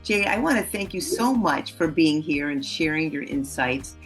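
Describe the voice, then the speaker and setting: A woman's voice: deep voice, animated, normal speed, faint music behind. A woman hosting an interview, encouraging her guest with short affirmations. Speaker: host. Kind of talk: interview host.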